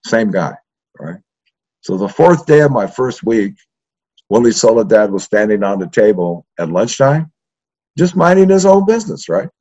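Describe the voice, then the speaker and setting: A lowish voice at moderate pace comes from an older history professor out of East Los Angeles. In a casual interview he tells profane stories from his youth, animated throughout and constantly slipping in "right?", with a dull lo-fi recording quality.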